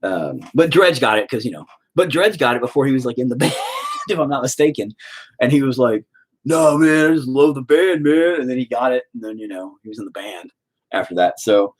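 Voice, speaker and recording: A man's voice: medium pitch, animated, brisk, slightly rough. A man hosting a podcast and talking candidly in a loose, rambling way, swearing often and leaning on "you know" fillers. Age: adult with children. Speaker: podcast host and band vocalist. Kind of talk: casual confessional chat.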